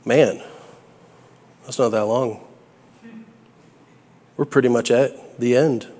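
A man's voice: mid-range voice, steady tone, slow, a little mellow. A young man delivers a sermon in a casual, heartfelt manner, his mid-range voice rising into emphatic peaks on key lines. His words hang in a long church-hall reverb. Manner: earnest, conversational, builds to bursts of emphasis. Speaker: preacher.

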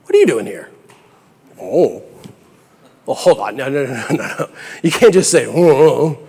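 A man's voice: medium pitch, sing-song, unhurried, gravelly, dark tone, breathy edge, exaggerated voice. A man voicing an officious, flustered gatekeeper at heaven's door, protesting in disbelief. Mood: incredulous. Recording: echoey hall with long reverb.

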